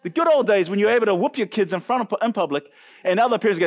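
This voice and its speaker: Lively high-voiced New Zealand pastor preaching. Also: male voice, very fast. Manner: animated, jokey, talks to congregation. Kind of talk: sermon. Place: church service.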